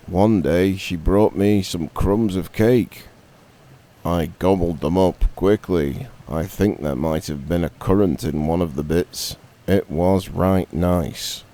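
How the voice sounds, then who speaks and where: A man's voice: low-pitched, mellow. A man with a Northern English accent voicing a chatty, friendly male robin in a bedtime story. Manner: chatty, homely northern speech.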